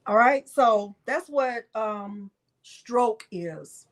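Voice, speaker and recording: Middle-aged lady walking thru design software live, a bit high-pitched, chatty, greets viewers as she goes. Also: expressive, very slow. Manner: chatty, talks to viewers by name while demonstrating. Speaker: craft tutorial host. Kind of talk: live screen-share software tutorial.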